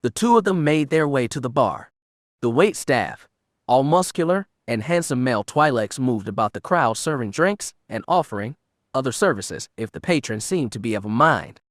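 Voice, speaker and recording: Male audiobook narrator, mid-pitched, measured, dry close mic. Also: lively intonation, dry recording. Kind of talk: scripted narration.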